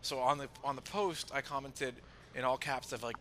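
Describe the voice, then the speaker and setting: A man telling a story on a podcast in casual chat, animated, with many restarts and a lot of swearing. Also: mid-range voice, moderate pace, slight background noise. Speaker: podcast co-host.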